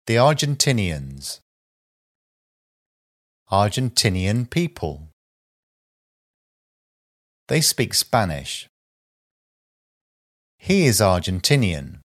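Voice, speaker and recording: A man reading a vocabulary list aloud as a language teacher, with slow, deliberate enunciation of single words and short sentences. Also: on the low side, very animated.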